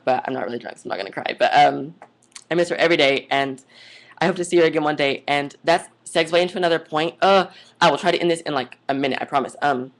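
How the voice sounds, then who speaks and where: A young adult woman vlogging in a casual monologue, chatty and gushing, rambling off onto tangents. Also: low-pitched. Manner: gushing, says "oh my God" and "like" a lot.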